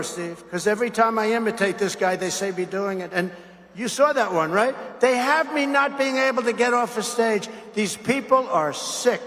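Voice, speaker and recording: High-voiced sarcastic man in a hall. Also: a bit bright. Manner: sarcastic, digressive, repetitive. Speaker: gala speaker. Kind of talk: rambling political speech. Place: large banquet hall. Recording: long hall reverb.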